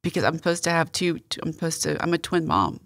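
A middle-aged woman, a guest on a faith interview show, telling a personal story in a halting, earnest way with many restarts. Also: low-pitched, expressive, a bit bright, no echo, clean studio sound.

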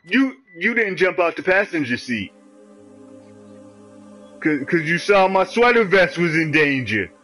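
A man's voice: high voice, unhurried, long pauses, faint music behind, poor audio. A man streaming a game, trash-talking in loose, profane commentary. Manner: profane, animated trash talk. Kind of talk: live gameplay commentary.

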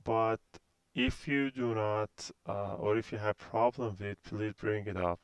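A man's voice: fairly low pitch, steady tone, a little slow, smooth, no echo. A man in his thirties from Iran with a Persian accent, a university instructor giving a recorded course introduction, hesitant and full of fillers.

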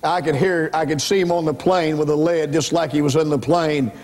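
A man's voice: a little high, steady tone, a little fast, darkish tone. An older man preaching his life story as an evangelist, in a folksy storytelling manner. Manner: folksy storytelling, rising to impassioned cries. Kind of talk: testimony sermon. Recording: reverberant hall recording.

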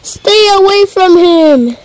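A fierce protective mother with a shrill, raised voice, as a woman puts her on for a homemade game story. She growls and drags out her threats slowly. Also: expressive, warm tone, heavily acted.

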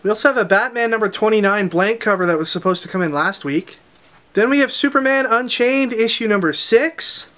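A man hosting a comic shop unboxing, listing new releases title by title in a casual rundown with quick asides. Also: high-pitched, animated, pushed and bright.

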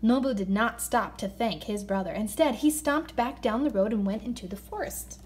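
A woman reading a children's story aloud in an expressive voice, slowing down for emphasis. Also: fairly high pitch, slight background noise. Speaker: narrator.

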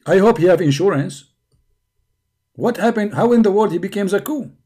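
Sarcastic mellow-voiced man taunting. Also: high-pitched, animated, moderate pace, breathy edge. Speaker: online debater. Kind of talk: mocking stream monologue.

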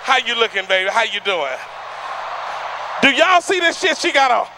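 Man, stand-up comedy, theater stage, high pitch, lively swings, loud and rowdy. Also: moderate pace, background noise. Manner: loud, rowdy, shouting punchlines at the crowd.

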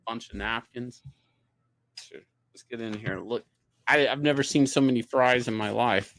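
A man hosting a casual stream, with a mid-pitched voice. He gives wry, joking commentary on a pile of food. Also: normal speed, fairly bright tone, dry recording. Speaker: host. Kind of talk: casual chat.

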